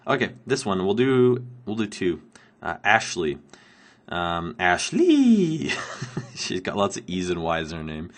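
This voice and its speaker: Speaking at a moderate pace in a low register, this sick Canadian Minecraft let's player fields viewer questions as he builds. His casual commentary rambles along, peppered with ums and laughter.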